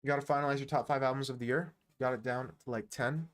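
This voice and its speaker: A twenty-one-year-old American man analyses chess on a stream, chatting casually and teasing his viewers. His medium-pitched voice is fast with fairly even intonation, and he jokes and chuckles often.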